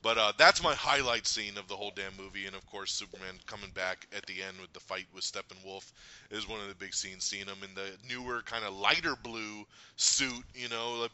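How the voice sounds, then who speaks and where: A man's voice: on the low side, clean tone, highs cut off. A man hosting a podcast, retelling movie scenes in casual chat and acting out the characters' lines. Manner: animated, retells scenes with laughs and acted quotes. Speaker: podcast host.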